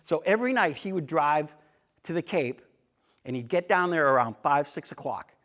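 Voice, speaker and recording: A man's voice: a little high, expressive, normal speed, fairly bright tone. A middle-aged man, talking casually to an audience about his books, full of asides and restarts. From Boston area. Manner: storytelling, chatty, with frequent restarts and asides. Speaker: author giving a talk. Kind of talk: casual author talk to an audience.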